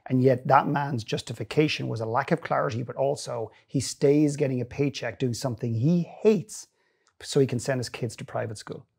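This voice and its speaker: A middle-aged man speaks as an interview guest, telling his stories earnestly and with plenty of life. His voice is gravelly and husky, and he often stops to restart a sentence. He sits at a middle pitch for a man. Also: moderate pace. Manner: earnest, animated storytelling with frequent restarts. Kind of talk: storytelling in a long-form interview.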